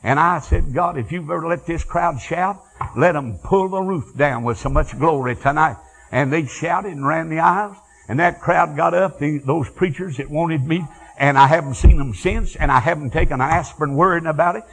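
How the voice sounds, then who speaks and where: An older man preaching a fiery revival sermon, moving from quiet storytelling to shouted praise. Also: fairly high pitch, moderate pace, gravelly, rough recording. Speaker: evangelist.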